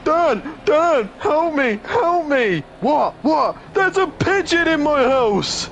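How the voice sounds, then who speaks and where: A man voicing a panicked man shrieking in a high, frantic voice about a bird loose indoors. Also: very animated, slow, creaky, a bit bright, slight background noise, heavily acted.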